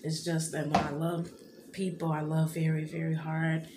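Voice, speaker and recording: A woman in her thirties speaks to her vlog viewers in a low, level voice, rambling with plenty of "you know what I mean." She sounds tearful and emotional. The room is echoey, with a clear hum of noise behind her. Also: completely flat delivery, normal speed. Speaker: vlogger. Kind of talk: casual heartfelt vlog talk.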